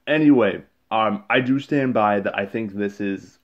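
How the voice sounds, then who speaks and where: A man talks through a film's plot in a loose, rambling rant, stumbling over words and filling gaps with ums. His voice sits fairly low, and his tone turns sarcastic and exasperated. The audio is a little dull and lo-fi. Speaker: movie reviewer. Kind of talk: casual recap rant.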